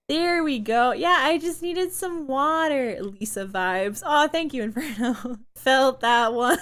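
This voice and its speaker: A woman's voice: a little high, a bit bright. Giggly young woman chatting on stream. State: throat tired from talking. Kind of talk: casual live-stream chat.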